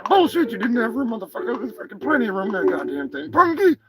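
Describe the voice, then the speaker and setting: A man's voice: very high voice, sing-song, quick pace, over a noisy crowd, pitched above the performer's own voice. A man voicing Turkey Surprise, a foul-mouthed, bickering male turkey puppet who swears and hurls insults. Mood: furious.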